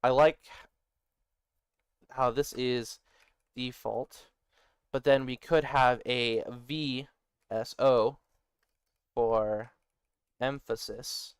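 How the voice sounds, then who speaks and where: Smooth-voiced man thinking aloud. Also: mid-range voice, steady tone, drawn-out words, pauses often, no room sound, clean studio sound. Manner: muttering, self-deprecating, reads notes aloud in bursts. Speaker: worldbuilder designing a conlang. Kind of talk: thinking aloud while working on screen.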